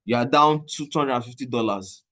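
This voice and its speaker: A man with a Nigerian accent telling a casual, animated story about trading and often mixing in Pidgin. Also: medium pitch, fairly quick. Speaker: trading coach. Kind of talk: casual talk.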